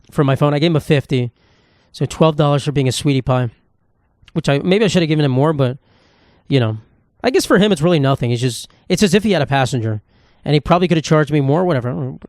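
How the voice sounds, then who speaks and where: A man talks alone on his podcast with a smooth, slightly high voice, rambling and swearing as he mocks himself. He records on a phone in a dry space with no room echo. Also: fast, a little mellow. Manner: rambling, profane, self-mocking storytelling. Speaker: podcast host. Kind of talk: casual solo monologue.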